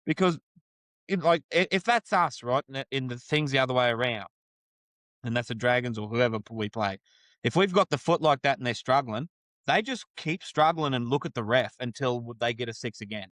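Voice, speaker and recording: An Australian man co-hosts a casual sports podcast, working himself up into sweary rants about his team's mistakes. His voice is of ordinary pitch and sounds close and dry, with no room around it. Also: brisk, no echo. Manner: sweary, ranting, animated. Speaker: podcast co-host. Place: studio.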